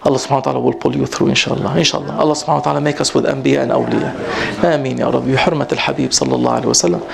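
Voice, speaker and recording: A man giving an informal religious talk to a gathering, rising in pitch for emphasis and mixing in Arabic phrases. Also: steady tone, rapid-fire, gravelly. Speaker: Sufi teacher giving a talk. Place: prayer hall at a community gathering.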